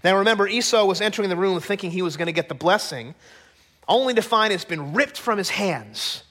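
A man's voice: high voice, lively intonation, fairly quick, a bit bright. A man preaching a sermon, retelling a story dramatically and asking the listeners rhetorical questions. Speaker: pastor.

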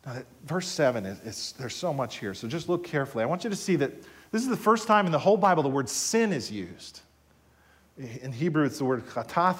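A male pastor delivers a sermon in a slightly high, very lively voice. He swings between hushed, intimate asides and loud, emphatic rises. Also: breathy edge. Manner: animated preaching with sudden soft drops and loud rises.

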